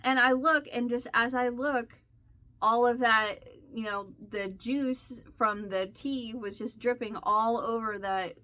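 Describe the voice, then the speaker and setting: A woman with a bright, forceful voice tells a story in casual vlog chat. She rambles along in an animated way, circling back and starting sentences over. Her voice sits at an ordinary middle pitch. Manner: rambling and animated, with restarts and laughs. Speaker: crochet vlogger.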